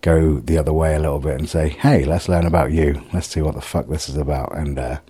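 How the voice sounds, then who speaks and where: A man's voice: a bass voice, fairly even intonation, a little fast, mellow, breathy edge. A middle-aged man, rambling in a casual solo video diary, self-mocking and sweary. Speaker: vlogger.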